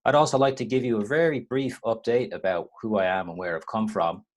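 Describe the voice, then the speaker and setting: An Irish lecturer in his thirties presents a webinar over a video call. His voice sits low, and his talk is relaxed and rambling, with restarts along the way. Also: a little fast. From Ireland. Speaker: university lecturer.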